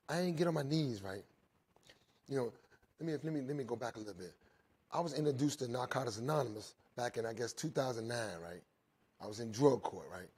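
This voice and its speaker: Speaking in person to inmates at a jail, this middle-aged recovery speaker shares his story earnestly in a slightly high, husky voice. Nearly every line gets a "right?" tacked on, and he keeps circling back to the same phrases.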